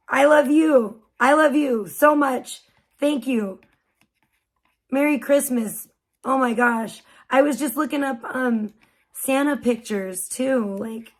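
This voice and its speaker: A young adult woman hosting a casual livestream, excitable and swearing a lot, with a sore throat. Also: sits high. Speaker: livestream host.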